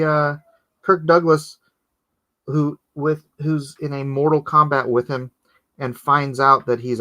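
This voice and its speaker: Chatty man rambling on a live stream. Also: on the high side. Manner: rambling, animated storyteller who laughs at his own story. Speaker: comic artist hosting a live stream. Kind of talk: casual live-stream chat while inking.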